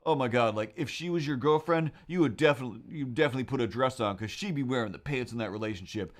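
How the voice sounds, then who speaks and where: A man's voice: mid-range voice, quick pace, lightly acted. A man voicing a brash young male gamer contestant who gushes, piling up fillers as he talks. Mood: gushing. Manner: gushing, filler-heavy, excitable.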